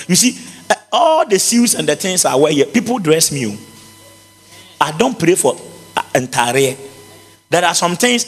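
Ghanaian male pastor, sermon; high, husky, swooping delivery that bursts into shouts, in a long-reverb hall with faint music. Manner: impassioned preaching, breaking into shouts and sing-song.

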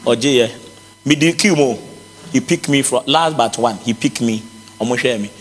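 A male pastor with a Ghanaian accent, preaching a sermon with impassioned shouts and sing-song phrasing. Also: medium pitch, normal speed. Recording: reverberant hall with faint music.

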